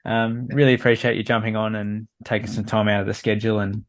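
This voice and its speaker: A man's voice: fairly low pitch, level tone, fast talker. A man with an Australian accent hosting a podcast, friendly and easygoing as he thanks his guest. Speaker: podcast host. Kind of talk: casual interview sign-off.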